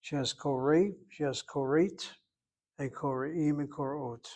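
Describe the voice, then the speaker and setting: Man teaching Hebrew grammar, slightly high voice. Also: a little slow, darkish tone. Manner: patient, explanatory, stresses pronunciation. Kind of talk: classroom grammar lesson.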